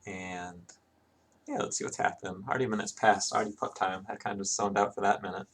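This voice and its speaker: Gravelly man doing chatty game commentary. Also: lowish voice, level tone, fairly quick, a bit bright. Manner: chatty, conversational play-by-play. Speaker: esports commentator.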